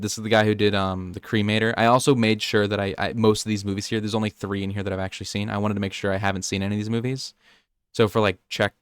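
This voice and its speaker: Young guy, rambly nerdy podcast chat, quick, smooth dry voice. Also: on the low side, dry recording. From United States. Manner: rambling, nerdy, self-interrupting. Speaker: podcast co-host. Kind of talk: casual chat.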